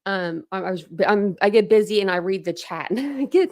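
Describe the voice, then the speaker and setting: A woman with a mid-range, slightly mellow voice talks fairly quickly with few pauses, recorded at studio quality with no echo. She's hosting a casual livestream from a home room with dogs, chatty and apologetic, greeting viewers by name while a little out of breath.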